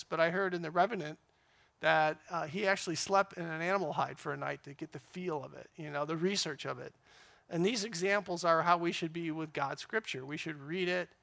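A man's voice: a little high, vocal fry, fairly bright tone. A man giving an informal, rambling church talk to a men's group. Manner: conversational, rambling with fillers.

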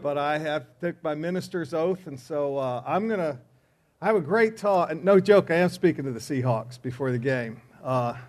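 Male class leader opening with joking news. Chatty, rambling, slightly higher voice. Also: expressive, moderate pace. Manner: rambling, chatty joke-telling with filler "uh"s. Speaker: class teacher. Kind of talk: joking announcements before a lesson.

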